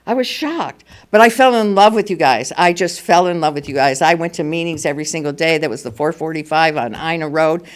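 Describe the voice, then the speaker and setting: A woman's voice: low-pitched, brisk, few pauses. A woman in her seventies sharing her personal recovery story at a meeting, candid and wry, acting out the dialogue as she goes. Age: 70s. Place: meeting hall before a live audience.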